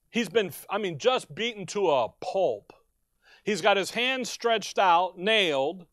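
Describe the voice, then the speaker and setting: A man preaching a sermon, swinging from quiet asides to loud, impassioned cries as he reads scripture aloud. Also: high voice, no echo, studio quality. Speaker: pastor.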